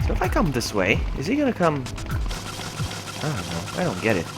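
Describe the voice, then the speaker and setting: A man streaming a game with live commentary, excitable, swinging from quiet mutters to loud yelps. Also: mid-range voice, brisk, loud music behind the voice.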